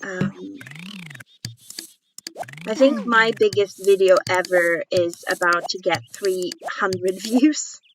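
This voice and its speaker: A woman streaming a game, chatting casually and rambling, with many pauses and ums. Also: medium pitch, fairly even intonation, noisy background. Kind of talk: casual chat while playing a game.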